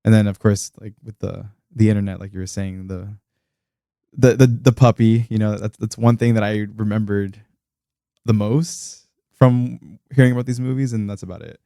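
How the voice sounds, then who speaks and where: A man's voice: on the low side, steady tone, gravelly, mellow, no room sound, clean studio sound. A man on a podcast talking casually about movies, hesitant and searching for words. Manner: halting, many fillers and restarts. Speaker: podcast co-host.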